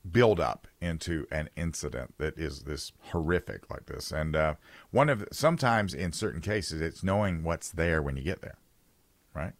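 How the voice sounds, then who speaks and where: A man's voice: very deep voice, animated, normal speed, dry recording. A man hosting a political talk radio show, giving opinions in a conversational way and reading listener texts aloud.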